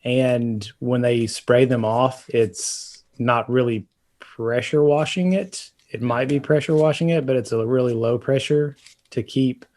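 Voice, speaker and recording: A man's voice: medium pitch, measured pace, darkish tone. A man co-hosting a casual home-repair podcast, explaining things at length with plenty of fillers and restarts. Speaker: podcast co-host. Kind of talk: casual chat about roofing.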